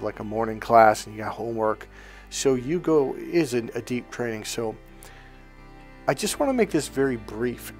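A man teaching as a spiritual coach, talking casually, telling rambling stories and often checking in with "okay?". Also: medium pitch. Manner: rambling anecdotal storytelling.

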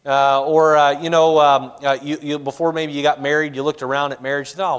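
A pastor preaching a sermon in a church, talking in a loose, conversational way with many fillers and acted asides. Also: male voice, a little high, steady tone, brisk, fairly bright tone, clean tone. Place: church sanctuary.

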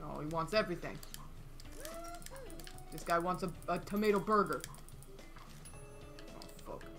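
A woman's voice: fairly low pitch, unhurried, music in the background. A woman streaming a cooking game, frantically calling out customer orders in casual chat.

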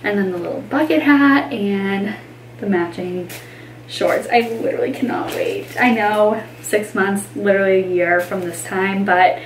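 A woman's voice: medium pitch, normal speed, reverberant, distant mic, slight background noise, low-quality recording. A pregnant woman in her twenties, chatting casually in a vlog, gushing over baby clothes with lots of fillers. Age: 20s. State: pregnant, tired. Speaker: vlogger.

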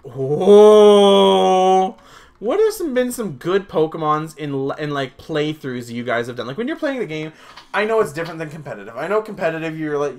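Let's play host: man, playful and chatty, lively up-and-down delivery, crisp bright tone, faint game music underneath. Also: fairly high pitch. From Canada. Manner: playful, chatty, sings silly little ditties. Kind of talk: casual gameplay commentary.

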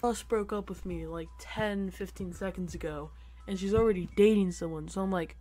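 A teenage boy telling a personal story to camera, halting and rambling with lots of fillers. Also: sits high, mellow. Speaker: vlogger.

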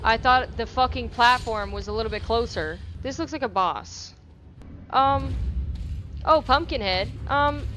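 A young woman giving casual, profane gameplay commentary with sudden excited outbursts. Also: a little high, a little slow, a little hiss or hum. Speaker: gaming channel host.

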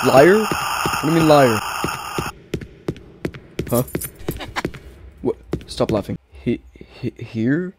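A man at his mic, narrating his horror game run in a rambling, easily startled way, breaking into repeated yelps. His voice sits at an average pitch, with a steady hiss of background noise on the recording. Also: extremely slow, pauses often. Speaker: gaming YouTuber.

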